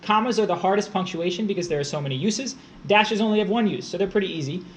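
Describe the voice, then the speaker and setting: Speaking quickly, this high-voiced male test prep tutor leads a grammar lesson on a live stream. He takes punctuation rules one at a time, interrupting himself to reply to chat, with a light hiss audible under his voice.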